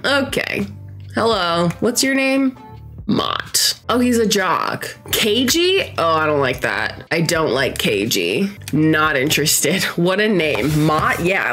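A woman's voice: fairly low pitch, fairly bright tone. A young woman giving casual, chatty commentary over her own gameplay, reacting and laughing often. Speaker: gaming streamer. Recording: faint game music behind.

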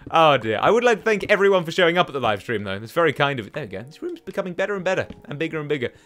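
Lively rambling young man gaming. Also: fairly high pitch, rapid-fire. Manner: rambling, talks to himself and taunts enemies. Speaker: gaming channel host. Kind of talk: let's play commentary. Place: at home. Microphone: desk microphone.

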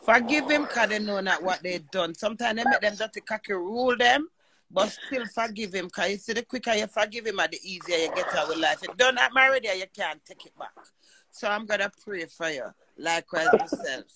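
A woman's voice: mid-range voice, brisk, pushed and bright, slight background noise. A woman hosting a live chat, talking emotionally and praying in an emphatic, preacherly way. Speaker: livestream host.

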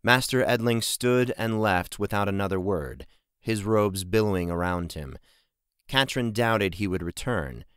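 A man narrating a fantasy audiobook in a measured, steady way. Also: lowish voice, clean tone, no echo, studio quality. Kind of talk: scripted narration.

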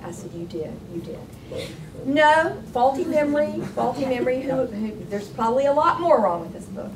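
A woman on a writers' panel telling a lively personal anecdote, laughing as she goes. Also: high-pitched, moderate pace, a crowd in the background. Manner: storytelling, lively, laughing, with restarts. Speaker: panelist, author and writing professor. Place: lecture hall at a public panel. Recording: distant, noisy hall recording.

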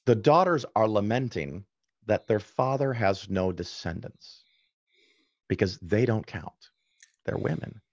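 A man with a fairly low voice tells stories in an easy, chatty way. He breaks off into quick asides and corrects himself as he talks. The sound is dry and a little dull, with a lo-fi edge. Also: expressive, no room sound. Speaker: podcast guest. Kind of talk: casual storytelling in conversation.

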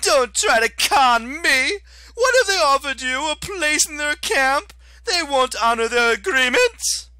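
A man voicing a shrill, arrogant young male augur who shrieks frantically. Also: very animated, measured pace, sharp tone, no room sound, clean studio sound, heavily acted. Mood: shrieking fury.

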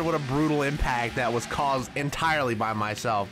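A man commentating his own racing game play in a casual, excitable way, with sudden loud yelps at crashes. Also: medium pitch, moderate pace, hardly any pauses, over music. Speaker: gaming channel host. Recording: noisy game audio underneath.

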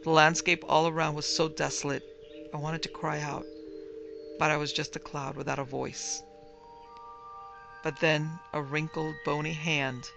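Lady reading a spooky story, gravelly and bright, dramatic first person. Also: low voice. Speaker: narrator and producer. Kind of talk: dramatic horror story narration.

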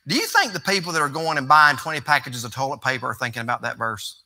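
A pastor, a man, preaching in a conversational, folksy manner. His voice is very bright and sits a bit high. He moves between easy talk and emphatic preaching. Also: expressive, fast talker, hardly any pauses. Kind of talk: folksy sermon.

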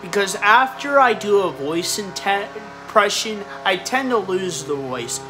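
A man rambling to his viewers in an unhurried, halting way. He often trips over his words, and faint music plays behind him. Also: high-pitched, big pitch swings. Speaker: video creator. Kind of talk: casual vlog talk.

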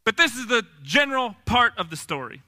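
A young man preaching a sermon, retelling a Bible story in a casual, animated way with slang. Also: very high-pitched, fairly quick. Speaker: pastor.

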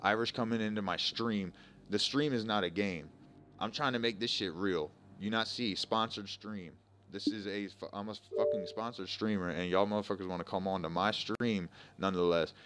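A man's voice: on the low side, normal speed. A young man streaming a game live, ranting profanely and confrontationally at people in his chat and voice chat. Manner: profane, confrontational, trash-talking.

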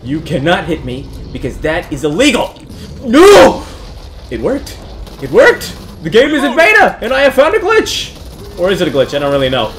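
A man giving excited gameplay commentary, shouting exclamations and cracking jokes to his viewers. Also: high-pitched, brisk, slight background noise. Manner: loud exclamations, jokey asides to viewers. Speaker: gaming YouTuber.

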